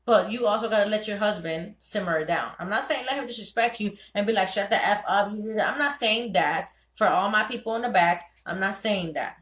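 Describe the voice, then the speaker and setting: Animated woman hosting a ladies' night call. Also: mid-range voice, echoey room. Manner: animated, preachy, quotes her husband in voices. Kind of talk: casual talk to listeners.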